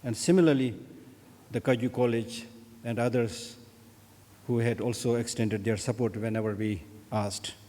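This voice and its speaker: A man with a warm, mellow voice delivers a formal opening address at a conference. He speaks in an earnest, measured way, and his words ring out with a long reverb from a large hall. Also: mid-range voice, steady tone. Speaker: Buddhist scholar giving an opening address. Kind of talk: formal ceremonial speech.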